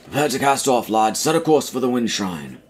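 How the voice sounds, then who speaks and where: A man's voice: medium pitch, big pitch swings, slightly rough. A man voicing a swaggering, sly pirate captain who talks down to his captives. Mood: commanding. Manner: mocking, commanding, drawn-out sea-dog talk.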